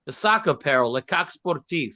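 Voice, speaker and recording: A man chats as a guest on a casual live stream, laughing often and trying out mock accents. His voice sits a bit high and is recorded dry. The audio is dull and lo-fi. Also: lively intonation, fairly quick, bright, forceful tone, no echo.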